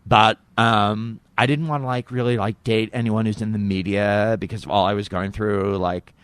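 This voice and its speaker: A man's voice: on the low side, fairly even intonation, normal speed, fairly bright tone, smooth, no echo, natural voice. A man doing a gushing valley-girl young woman. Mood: earnest. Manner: gushing, filler-heavy "like".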